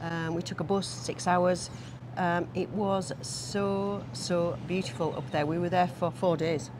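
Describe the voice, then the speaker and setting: A woman narrating a casual travel vlog, chatty and relaxed with frequent ums. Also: fairly low pitch, unhurried. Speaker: travel vlogger. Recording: background noise.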